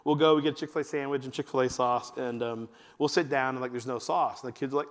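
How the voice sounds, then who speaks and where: Speaking quickly in a church hall with a long reverb tail, a men's ministry speaker addresses a room of fathers. He tells family stories with animated flair, acting out his kids in a high voice.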